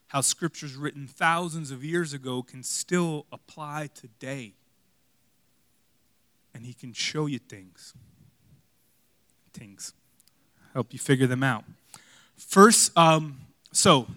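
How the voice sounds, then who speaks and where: A man preaching a sermon in a conversational, dynamic way, with loud emphatic peaks, hushed asides, jokes and rhetorical questions. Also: a little high, no echo. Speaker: pastor.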